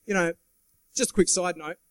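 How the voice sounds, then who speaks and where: A man's voice: sits high, fairly even intonation, moderate pace, dry recording, rough recording. A man preaching a sermon in a church, earnest and emphatic, calling out to the congregation. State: sweating. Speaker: guest preacher.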